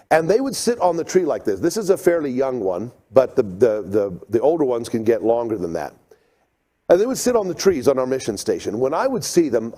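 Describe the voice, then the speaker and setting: A middle-aged man giving a seminar talk, telling stories with lively acted-out moments. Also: medium pitch. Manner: animated storyteller, acts out scenes. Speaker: creation seminar speaker.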